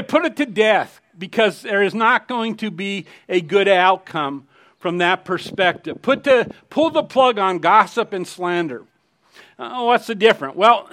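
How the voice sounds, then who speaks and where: A man's voice: high-pitched, pushed and bright. A middle-aged man preaching a sermon, conversational and emphatic, telling personal stories. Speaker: pastor.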